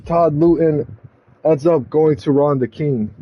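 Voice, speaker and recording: A man narrating a wrestling video game story like an excitable announcer. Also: fairly high pitch, measured pace, highs cut off. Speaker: game commentator.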